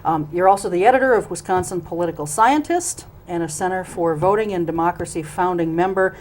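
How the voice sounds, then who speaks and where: A woman's voice: on the low side, a little fast, darkish tone, slight background noise, low-quality recording. Chatty woman host with filler words. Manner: chatty, filler-heavy, laughs at herself. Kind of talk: local TV interview.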